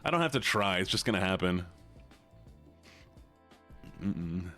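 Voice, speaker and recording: A man's voice: lively intonation, unhurried, pushed and bright. Guy streaming, teasing chat, voice bouncing all over, bit of music behind. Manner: playful, teasing, squeals high when mock-upset. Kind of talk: casual live-stream chat.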